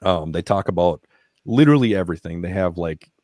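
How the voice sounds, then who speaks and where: Talking a little fast in a low, deep voice, a veteran and nonprofit founder shares stories on a podcast from a studio. He's casual and frank, cursing freely, and his feelings surface as he animatedly relives what happened. There's little room echo, leaving the sound dry and close.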